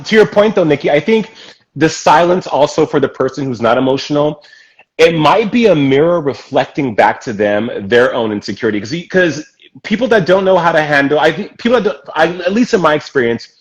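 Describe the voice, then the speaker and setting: A man's voice: a little high, expressive, brisk, lo-fi sound. A man hosting a casual interview, talking in an effusive, emphatic and encouraging way. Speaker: podcast host.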